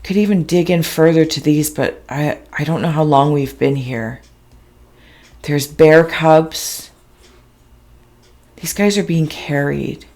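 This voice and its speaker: Intuitive reader, woman, lowish voice; slow, dreamy, tender delivery of visions. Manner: soft, emotional and tender. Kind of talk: meditative spiritual reading.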